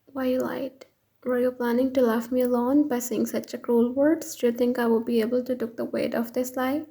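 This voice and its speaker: A woman reading the lines of an intense, possessive young boyfriend in a fan fiction story, with a husky, gravelly voice and no real change from her own. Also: on the high side, little pitch movement, moderate pace, mellow. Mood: pleading.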